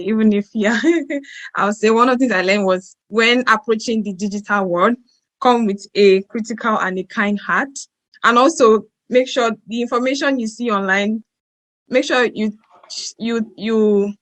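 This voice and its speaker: A woman's voice: on the high side, a bit bright, rough recording. A woman hosting an online event, hesitant and apologetic, often restarting her sentences. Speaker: event host.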